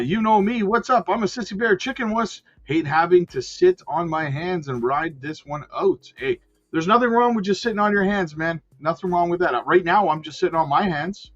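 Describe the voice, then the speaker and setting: In a high, fairly bright voice, a man runs a laid-back crypto livestream where he chats with his audience and reads out their comments. Faint music sits under dull, lo-fi audio.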